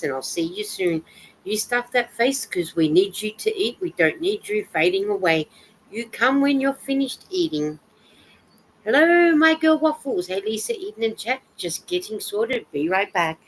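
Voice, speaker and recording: A woman hosting a casual live chat from home while she knits, greeting viewers by name, reading their comments aloud, and adding soft sympathetic asides. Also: medium pitch, expressive, moderate pace, a little hiss or hum, low-quality recording. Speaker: livestream host.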